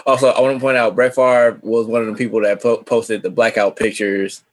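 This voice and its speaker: A man co-hosting a casual podcast, chiming in with quick, joking remarks. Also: medium pitch, flat delivery. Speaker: podcast co-host.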